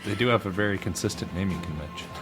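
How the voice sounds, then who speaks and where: A man's voice: low voice, racing, over music. A man playing a tabletop game, chatting casually and joking. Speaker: player.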